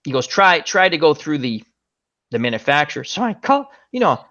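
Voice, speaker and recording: A middle-aged chat show host with a slightly high, sharp voice speaks fairly quickly with big pitch swings, and the recording's highs are cut off. He tells joking stories casually, acting out the voices of the people in them.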